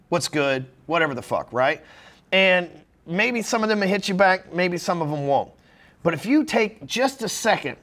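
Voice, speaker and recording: A middle-aged man coaching on sales in a blunt, profane talk, acting out sample messages in quick voices. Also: high voice, a bit bright.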